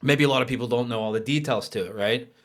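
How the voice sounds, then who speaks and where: Young adult man, middle-pitched voice, casual guest who tells stories animatedly and swears freely. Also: fast, fairly bright tone. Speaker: podcast guest. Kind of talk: casual podcast storytelling.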